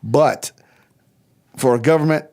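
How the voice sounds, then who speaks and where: A man's voice: a little high, a little slow, a little mellow. A man talking as a podcast guest in casual chat, joking around and chuckling often. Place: studio under hot lamps.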